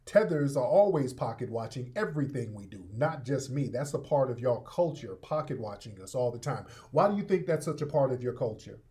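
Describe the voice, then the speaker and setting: A man's voice: medium pitch, lively intonation, fairly quick, few pauses, warm tone. A man hosting a live call-in room, combative and repetitive, talking over his callers. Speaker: host.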